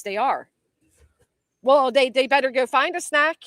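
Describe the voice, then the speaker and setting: A woman's voice: high-pitched, animated, unhurried, pauses often, a bit bright, no echo, clean studio sound. A woman hosting a casual commentary livestream outdoors by a tree, jumpy and swearing a lot as she talks to her chat.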